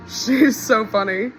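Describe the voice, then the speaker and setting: Brief: young woman, slightly high voice, wry and chatty, reacting to a film while it plays. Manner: chatty, wry and incredulous, laughing often. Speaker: movie reaction creator. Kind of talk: casual movie reaction commentary.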